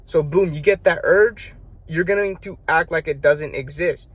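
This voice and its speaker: Young man, casual advice monologue, blunt, profane, slangy, fairly high-pitched, dry close recording. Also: a little slow, husky, no echo. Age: young adult. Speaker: self-improvement vlogger.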